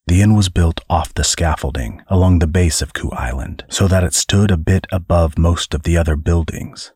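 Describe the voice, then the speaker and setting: A man hosting and narrating a serialized story with an expressive, dramatic reading. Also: extremely low pitch, breathy edge, dry recording, studio quality. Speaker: podcast host and narrator.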